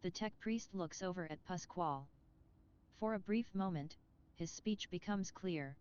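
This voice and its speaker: A woman giving solemn, measured scripted narration in a game, heard through slightly muffled game audio with faint music behind. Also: lowish voice, darkish tone, smooth.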